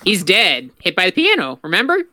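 A man's voice: high voice, huge pitch swings, a little fast, bright, forceful tone, dry recording. A man co-hosting a casual podcast, easygoing and a little hesitant. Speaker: podcast co-host.

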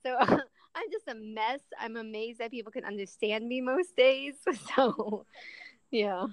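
A woman's voice: a little high, measured pace, no echo, poor audio. A woman in her thirties with a mixed Southern and Midwestern accent, chatting as an interview guest and laughing easily. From southern US, Florida. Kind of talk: casual interview.

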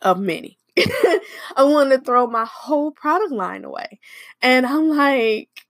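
Woman, small-business owner, unhurried expressive storyteller, dry close sound. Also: high voice, no room sound. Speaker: hair care business owner. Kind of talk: personal storytelling.

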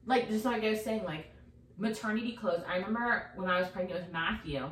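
A young mother chatting casually, an animated storyteller who swears freely and talks in fillers. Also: medium pitch, fairly quick, crowd noise. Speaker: mom and podcast co-host. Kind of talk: casual chat. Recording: echoey room, far from mic, faint hiss.

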